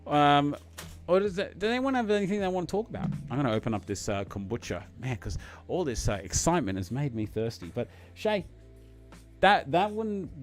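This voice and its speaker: A man with an Australian accent chatting casually on a live stream, excitable and full of fillers. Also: fairly high pitch, a little fast, soft background music.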